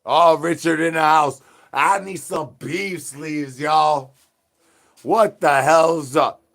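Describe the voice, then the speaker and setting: A man live streaming in a goofy zombie persona, rambling with sing-song rhymes and yelling at his chat. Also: fairly high pitch, slow pace, vocal fry. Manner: silly rhyming and sing-song wordplay.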